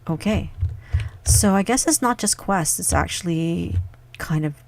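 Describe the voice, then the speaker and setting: A woman's voice: on the low side, lively intonation, unhurried, darkish tone, a little hiss or hum. A young woman casually commenting on her gameplay, muttering and thinking aloud at her computer. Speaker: gaming youtuber.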